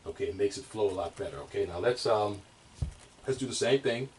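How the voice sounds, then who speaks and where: A man teaching bass drum technique in a casual, rambling way, with many fillers and restarts. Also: a little fast, a little hiss or hum. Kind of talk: casual instructional talk. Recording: distant mic, drums playing.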